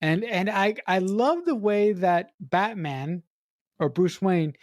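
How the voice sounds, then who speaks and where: A woman's voice: medium pitch, animated, slow pace, a little mellow, no echo, clean studio sound. A woman co-hosting a movie podcast who is also a writer, talking enthusiastically and repeating words as she gathers her thoughts. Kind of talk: casual movie review chat.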